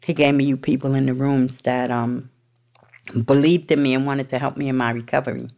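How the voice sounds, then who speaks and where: A woman's voice: very deep voice, steady tone, fairly quick, dark tone. A woman from New York telling her recovery story to an audience in a blunt, profane, emotional way. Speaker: recovery speaker. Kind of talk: candid personal recovery story.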